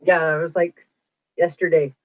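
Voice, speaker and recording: On a casual livestream, a forties-aged woman who works as a psychic tells rambling, chatty stories and acts out others' words. She speaks at normal speed in a low voice with a level tone, and the recording is dull, lo-fi and dry.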